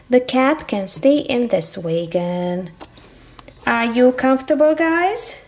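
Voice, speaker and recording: A woman's voice: sits high, animated, takes it slowly, darkish tone, slight background noise. A woman narrating a children's toy play as a doll train conductor, cheerful and sing-song. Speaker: toy video host voicing a conductor doll.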